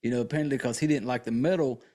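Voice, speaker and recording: A man's voice: mid-range voice, rapid-fire, warm tone. A man hosting a podcast, recapping a film in a casual, profane, joking way with lots of fillers. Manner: rambling, crude and joking, with many fillers. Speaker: podcast host.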